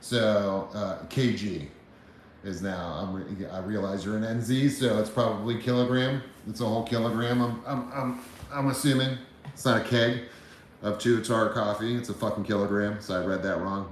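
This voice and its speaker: Low-voiced american guy rambling and cussing on his stream, super echoey room, bit of hiss. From United States. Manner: rambling, profane, laid-back. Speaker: livestream host. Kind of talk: casual livestream chat reading comments. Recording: very echoey room with faint background noise.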